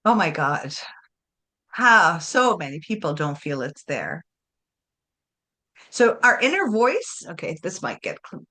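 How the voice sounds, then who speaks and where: A woman chatting casually about spirituality, animated, laughing often and acting out voices. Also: mid-range voice, measured pace.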